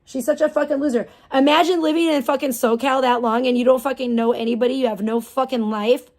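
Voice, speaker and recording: A woman's voice: sits high, steady tone, quick pace, a little mellow. Foul-mouthed woman streamer ranting scornfully. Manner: profane, scornful, mocking. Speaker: live streamer. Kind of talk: angry ranting live stream.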